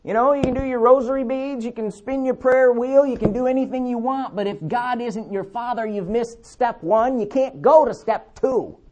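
A man preaching a sermon, emphatic, repeating key words and slowing down to read scripture. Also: very high-pitched, mellow, muffled recording.

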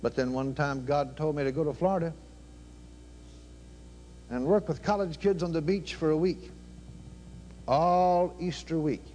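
An older man preaching a sermon in a fervent, folksy manner, swinging between loud exclamations and low murmured prayer. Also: measured pace, long pauses. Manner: folksy, with plain everyday grammar. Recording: faint hum behind the voice.

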